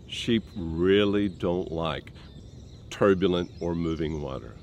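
A man preaching a sermon in a slow, earnest way, dropping soft and low and then rising for emphasis. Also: slight background noise.

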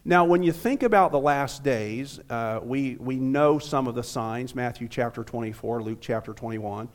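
Speaking at medium pitch and a moderate pace, a visiting pastor from the United States, in his fifties, addresses a small church. He jokes amiably with the crowd first, then preaches in earnest.

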